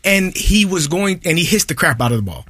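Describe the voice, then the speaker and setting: A man chatting about baseball as an analyst, animated, a storyteller who slips into mock voices. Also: high voice, brisk, husky, no room sound. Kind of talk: casual sports chat.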